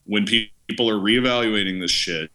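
Emphatic low-voiced swearing man. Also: fairly quick, pushed and bright. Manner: emphatic, profane, combative. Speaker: podcast co-host. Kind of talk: casual film review chat.

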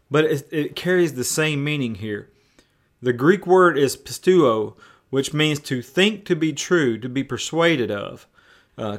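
A man delivers a sermon in a conversational, unpolished way. He often doubles back on words and restarts his sentences. His voice sits at an ordinary middle pitch. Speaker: preacher.

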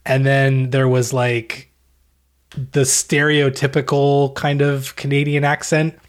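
A man co-hosting a podcast in casual chat, telling a travel story with deadpan jokes and a rambling manner. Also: medium pitch, slow. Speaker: podcast co-host.

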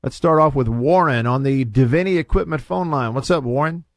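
A man hosting a radio show, ranting and bantering in a casual, animated way from the studio. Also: a little fast, no room sound. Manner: animated, rants with big pitch jumps.

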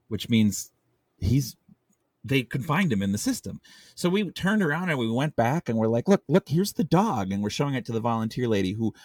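A man's voice: mid-range voice, a little mellow, dry recording, clean studio sound. A man co-hosting a podcast, telling a rambling, self-interrupting story in casual chat. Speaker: podcast co-host.

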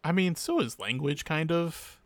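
A man co-hosting a casual podcast about a show, talking in a flat, sarcastic monotone. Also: a little high, measured pace, dry recording. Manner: deadpan, sarcastic. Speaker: podcast co-host. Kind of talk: casual chat recapping a show.

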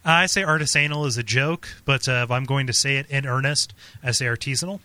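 A man's voice: medium pitch, fairly quick, sharp tone, dry recording. A man co-hosting a podcast in casual chat, stammering and repeating his words and laughing often. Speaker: podcast co-host.

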